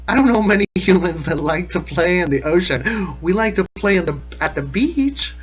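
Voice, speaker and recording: A man with a voice pitched a little on the high side runs through a cartoon episode in a loose, joking way. He rambles, pokes fun at the plot and breaks into laughter, while faint music plays underneath. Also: sing-song, normal speed, low-quality recording. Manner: rambling, sarcastic, laughs often. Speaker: episode commentator. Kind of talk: casual comedic recap commentary.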